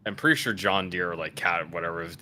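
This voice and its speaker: A man chatting casually in a relaxed, rambling way. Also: sits low, fast, very noisy. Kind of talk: casual voice chat.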